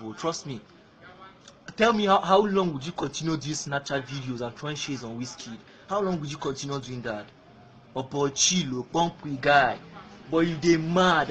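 Man, Nigerian accent, fairly high voice, angry insulting rant, repeats himself, switches between Pidgin and English. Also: a bit bright. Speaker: fan. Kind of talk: ranting video message.

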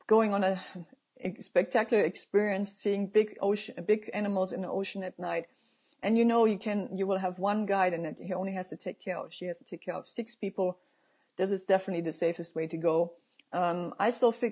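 A woman advocating for marine conservation, explaining proposed rules to viewers in a halting, informal way with frequent filler sounds and plain personal opinions. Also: mid-range voice, a little mellow, husky.

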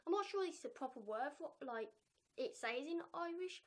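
A young woman with a high, bright-sounding voice chats through a casual reaction vlog. She is animated and pokes fun at herself, breaking into laughter often. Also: normal speed. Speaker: vlogger.

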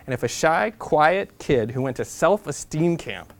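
A man in his thirties from Nebraska, telling a lively travel story as a guest speaker to a class, repeating a refrain and acting out the voices he quotes. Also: on the high side, a little slow. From Nebraska, USA. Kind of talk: storytelling lecture to students.

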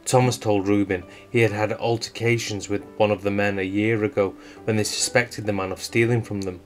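A man with a fairly low voice reads a true-crime story in a measured, suspenseful way. Soft guitar music plays quietly behind him. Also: level tone. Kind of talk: scripted true-crime narration. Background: faint guitar music.

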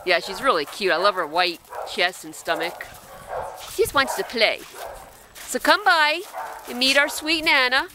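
A woman's voice: a little high, unhurried, pauses often, noisy background. A woman presenting an adoptable dog, gushing and switching into baby talk to coo at the dog, laughing often. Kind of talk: casual show-and-tell to camera.

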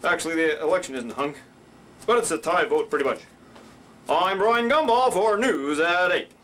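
A man putting on a deep, authoritative news announcer voice, slow and formal. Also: a bit bright, lightly acted. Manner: slow, formal broadcaster delivery.

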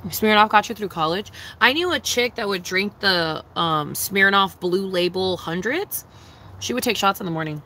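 A woman's voice: medium pitch, lively intonation, normal speed, sharp tone, slight background noise, rough recording. A young woman chatting casually on a livestream, answering her chat in a blunt, profane, giggly way.

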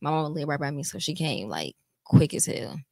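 A woman's voice: sits low, sing-song, brisk, gravelly, darkish tone. A young woman recounts a painful night rawly and without polish. The mic is close and the room is dry, with no reverb. She swears casually as she talks. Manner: raw emotional recollection with casual swearing. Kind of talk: casual chat.

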